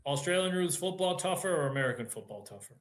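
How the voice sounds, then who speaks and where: A man's voice: on the high side, expressive, quick pace. A man in his fifties hosting a podcast interview, firing off playful, teasing questions in a casual, jokey way. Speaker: podcast host.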